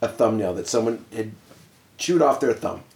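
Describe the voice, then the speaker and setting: A man's voice: mid-range voice, expressive, normal speed, a little mellow, reverberant. A man co-hosting a podcast in casual chat, telling a bad food story, laughing and swearing. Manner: laughs through a story, swears, short agreeing replies. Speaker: podcast co-host.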